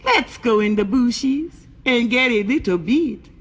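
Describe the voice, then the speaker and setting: A woman voicing a pushy young man who coaxes in a drawn-out way. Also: fairly high pitch, expressive, breathy edge, pitched above the performer's own voice, heavily acted. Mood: coaxing. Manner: coaxing, drawn-out.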